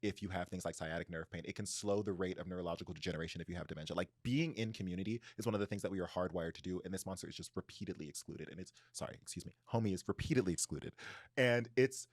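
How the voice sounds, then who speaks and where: A man hosting a book podcast, talking at a rapid clip in an animated, casual retelling full of "like" fillers. His voice sits on the lower side, and the sound is dry and close with no room around it. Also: dry recording. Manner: animated storytelling, heavy filler "like". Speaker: podcast host. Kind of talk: casual book-discussion chat.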